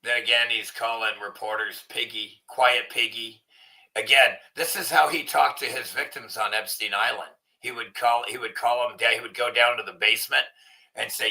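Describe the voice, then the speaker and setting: A man hosting an online commentary show, ranting in a crude, profane way and sometimes shouting. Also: medium pitch, moderate pace, vocal fry, low-quality recording. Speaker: channel host. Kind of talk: casual commentary rant.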